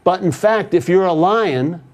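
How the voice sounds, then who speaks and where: A spiritual teacher with a high, slightly slow voice tells a story in conversation. He's casual and animated, often checking in with "yeah?"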